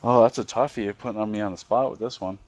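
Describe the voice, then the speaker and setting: A man with a very low voice talks as a guest on a casual gaming podcast. He rambles, restarting sentences and filling gaps with ums and likes. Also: steady tone, quick pace, a little mellow, dry recording. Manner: rambling, with many fillers and restarts.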